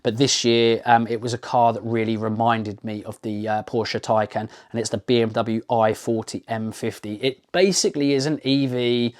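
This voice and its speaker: A man's voice: mid-range voice, fairly even intonation, moderate pace, few pauses. A man hosting a car review channel, talking to camera in a casual, enthusiastic, rambling way with lots of ums and restarts. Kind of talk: casual unscripted talk to camera.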